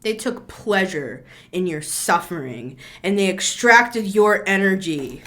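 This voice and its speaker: Here a woman reads tarot as a channeler in a mid-range, fairly bright voice with lively intonation, taking it slowly. Her delivery is casual and frank, heavy on filler words, with some swearing.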